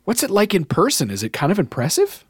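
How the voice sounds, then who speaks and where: A man's voice: high-pitched, wildly swooping pitch, fast, slightly rough, no room sound, clean studio sound. A man co-hosting a podcast, chatting casually and enthusiastically, with lots of fillers. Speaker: podcast co-host. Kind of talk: casual chat.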